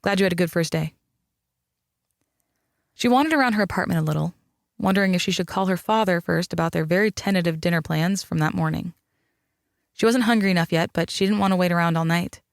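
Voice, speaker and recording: Gravelly man narrating a mystery audiobook. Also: sits high, fast talker, no echo, studio quality. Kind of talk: scripted narration.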